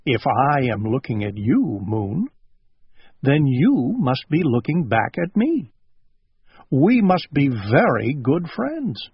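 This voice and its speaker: A man voicing a gentle, earnest and muddled little male owl in a storybook read-aloud. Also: mid-range voice, big pitch swings, takes it slowly, slightly rough, no room sound, heavily acted. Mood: tender. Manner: earnest and simple-minded. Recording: dull lo-fi recording.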